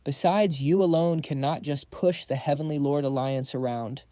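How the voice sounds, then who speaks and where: A man's voice: on the high side, steady tone, normal speed, dark tone, dry recording, studio quality, natural voice. A man voicing a nervous, fawning male monk henchman. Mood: tense.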